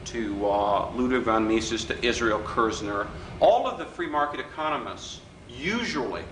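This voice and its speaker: A middle-aged man giving a live workshop lecture in a hotel function room, an animated, wisecracking storyteller who mimics the people in his stories. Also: a little high, moderate pace. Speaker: workshop speaker. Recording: roomy hall recording with faint background noise.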